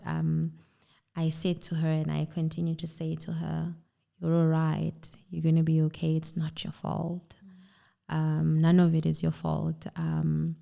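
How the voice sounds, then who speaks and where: A woman's voice: low voice, vocal fry, dark tone. A woman guest on a parenting podcast, speaking earnestly and encouragingly in affirmations. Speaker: podcast guest, mom blogger. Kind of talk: heartfelt conversational interview.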